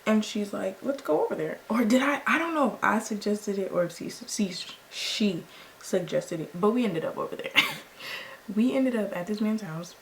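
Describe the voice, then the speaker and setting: Young woman, beauty vlogger, casual storytime, slangy and lively, faint noise floor. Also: medium pitch, normal speed, poor audio. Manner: animated, slangy, acts out quoted lines. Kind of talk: casual storytime while doing makeup.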